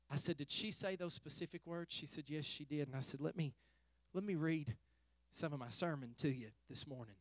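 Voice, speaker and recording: A middle-aged male pastor preaching a sermon, telling a story softly and then rising to fervent exhortation. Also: fairly high pitch, fairly quick, hardly any pauses, no echo. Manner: storytelling, swings from hushed to fervent.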